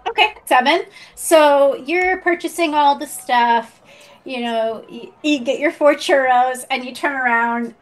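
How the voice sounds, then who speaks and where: High-voiced woman running a tabletop game. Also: a little slow. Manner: laughing often, playing several characters. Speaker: game master. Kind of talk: narrating a tabletop role-playing game.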